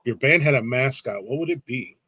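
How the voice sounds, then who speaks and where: A man's voice: medium pitch, lively intonation, fairly quick, sharp tone, husky. A man hosting a casual live-stream interview, laid-back and laughing often, with lots of restarts and fillers. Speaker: podcast host.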